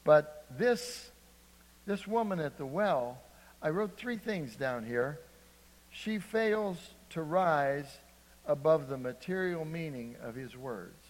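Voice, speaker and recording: A male preacher talks through scripture in a loose, conversational way and keeps checking in with his listeners. His mid-pitched voice carries a long reverb off the walls of a big hall. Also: lively intonation, slow pace. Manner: conversational, asks the congregation "Amen?". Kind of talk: sermon.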